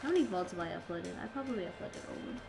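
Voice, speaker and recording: A woman's voice: fairly low pitch, lively intonation, very fast, gravelly, over music, low-quality recording. An Australian woman with a stuffed-up nose from a cold, chatting playfully with her viewers during a live gaming stream. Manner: chatty, playful, talks to chat while playing. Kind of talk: casual live-stream chat while gaming.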